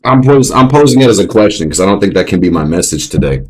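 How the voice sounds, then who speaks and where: A young adult man hosting a casual astrology stream, profane and animated, often jumping into mocking voices. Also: low-pitched, fast, slight background noise. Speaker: astrology show host. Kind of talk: casual astrology livestream talk.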